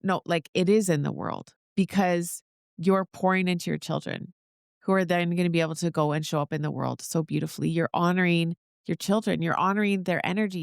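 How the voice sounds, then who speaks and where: A woman's voice: lowish voice, brisk, vocal fry, clear, resonant tone, no echo, clean studio sound. A woman hosting a podcast interview, affirming and enthusiastic, laughing easily. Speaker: podcast host. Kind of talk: warm interview conversation.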